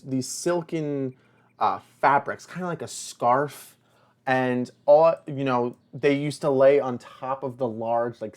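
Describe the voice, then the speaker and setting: This young man talks through his game in a loose, rambling way, drifting into stories and then turning to tease the little characters on screen. His pitch sits in the ordinary middle range for a man, and the whole thing feels like relaxed, unscripted commentary. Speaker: let's play host. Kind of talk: casual gameplay commentary.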